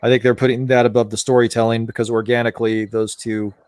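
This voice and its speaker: A man's voice: mid-range voice, little pitch movement, quick pace, darkish tone, clear, resonant tone, no echo. A man hosting a casual chat, ranting in an exasperated way and swearing freely. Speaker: podcast host.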